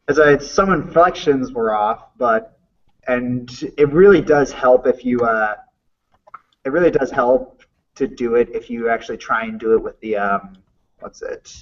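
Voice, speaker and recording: A man's voice: mid-range voice, a little slow. A man co-hosting a podcast, rambling casually and hesitantly, on dull lo-fi audio. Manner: rambling, hesitant, many fillers. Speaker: podcast co-host. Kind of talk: casual chat.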